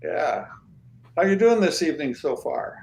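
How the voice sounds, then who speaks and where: A man hosting an interview show, who speaks in a friendly, unhurried way with hesitant fillers. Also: a little high, very animated, a little mellow, a little hiss or hum, rough recording. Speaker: host.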